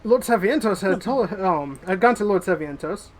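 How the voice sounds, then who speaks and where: A man's voice: sits high, animated, normal speed, slight background noise. A man voicing a male captain and ally who is concerned for the group and fumbles over names.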